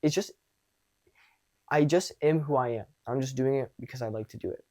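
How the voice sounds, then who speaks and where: A man's voice: medium pitch, brisk, a little mellow. A young man coaching on dating and social skills in a casual monologue, blunt and profane, acting out exchanges as he talks.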